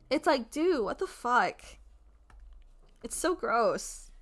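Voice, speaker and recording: A young adult woman streamer chatting casually while drawing, animated and profane, often laughing. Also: fairly high pitch, slow, long pauses, faint music behind. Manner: animated, swearing, laughing, quoting people in mock voices.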